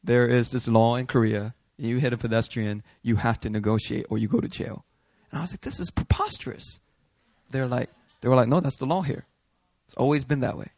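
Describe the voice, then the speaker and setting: In a church hall, a pastor preaches with an animated story, imitating the people he quotes and laughing along the way. He has a medium pitch and a fairly quick delivery, and the recording has no room sound.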